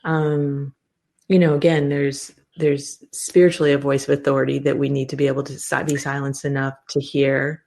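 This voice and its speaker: A woman's voice: a bass voice, moderate pace, gravelly. A woman in her fifties, a guest therapist, explaining things animatedly in a casual interview. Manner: animated explaining, frequent restarts.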